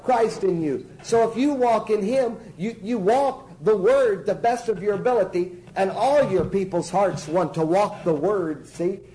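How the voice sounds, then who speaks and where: A man with a high, mellow voice teaching a church class. He talks with folksy emphasis and keeps pausing to check that his listeners follow him. The delivery is spoken teaching rather than a formal sermon. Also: rough recording.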